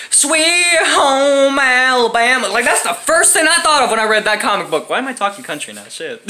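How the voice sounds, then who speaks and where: A woman's voice: mid-range voice, sharp tone. A woman vlogger in a casual, rambling comedic rant, swearing a lot and laughing often.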